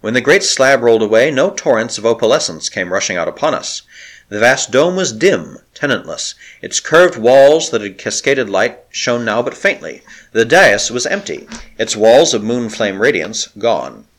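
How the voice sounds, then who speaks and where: A male narrator reading a novel aloud with dramatic, expressive delivery. His mid-pitched voice rises and falls widely through the long, flowing sentences. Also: moderate pace. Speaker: audiobook narrator.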